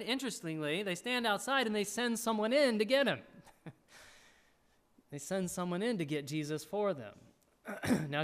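A male pastor preaching a sermon with a high, lively voice that swings up and down as he teaches. He reads scripture aloud and stops now and then to clear his throat. His delivery is expressive and earnest.

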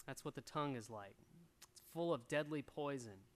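A middle-aged man preaching a sermon, animated and storytelling, acting out little voices as he goes. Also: medium pitch, moderate pace. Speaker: pastor.

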